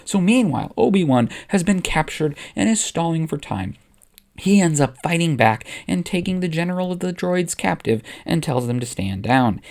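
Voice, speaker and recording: A man narrates a comic story in a brisk, playful way. His voice sits a little high and moves lively up and down. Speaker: host and narrator.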